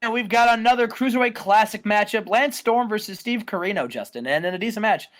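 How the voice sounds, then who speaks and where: A man's voice: high voice, brisk. Man casually narrating a wrestling game. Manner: casual, storytelling. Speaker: co-host.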